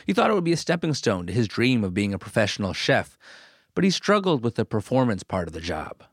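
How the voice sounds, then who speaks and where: A man hosting a documentary-style podcast, narrating in a measured, clear way and interviewing a guest. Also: lowish voice, sing-song, no room sound, studio quality.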